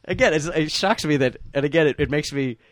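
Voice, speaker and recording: A man's voice: fairly high pitch, brisk, no room sound. Laughing man in casual movie chat. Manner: loose, laughing, puts on silly voices for quotes. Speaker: podcast co-host.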